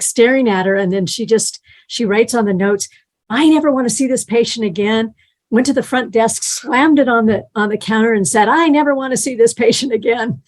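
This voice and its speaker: Middle-aged woman teaching a health class in a loose, talky way, mid-range voice. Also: mid-range voice. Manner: conversational, tells patient stories, acts out quotes.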